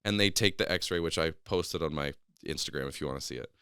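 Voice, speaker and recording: A man's voice: extremely low pitch, fast, clear, resonant tone, dry recording, clean studio sound. A man casually telling a long story on a podcast, acting out the people in it with raised voices. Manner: animated, acts out quoted people in a raised voice.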